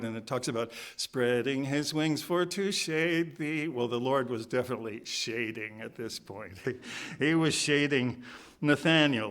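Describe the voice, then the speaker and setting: A man's voice: medium pitch, fairly bright tone. A man giving a sermon in a church, reading scripture and breaking in with informal, joking asides. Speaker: preacher. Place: church sanctuary.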